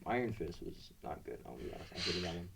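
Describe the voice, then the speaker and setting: A man's voice: deep voice, very animated, quick pace, gravelly, fairly bright tone, slightly rough, distant mic. Young man rambling on a podcast. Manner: rambling, filler-heavy. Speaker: podcast co-host. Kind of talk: casual chat.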